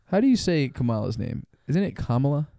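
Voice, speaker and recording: A man's voice: mid-range voice, big pitch swings, brisk, gravelly, mellow, no echo. A young man co-hosting a podcast in casual chat, with dry, teasing banter. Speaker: podcast co-host.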